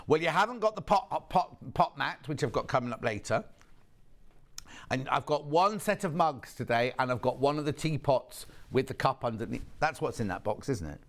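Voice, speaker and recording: This live TV shopping presenter has a medium-pitched, expressive voice and talks fairly quickly. His on-air selling chat includes teasing the off-camera crew, and hay fever leaves him a little sniffly.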